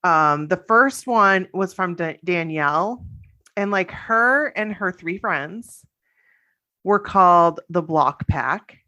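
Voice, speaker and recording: A woman's voice: fairly low pitch, sharp tone, lo-fi sound. A woman co-hosting a casual podcast, gushing and chatty as she reads out listener stories. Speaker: podcast co-host.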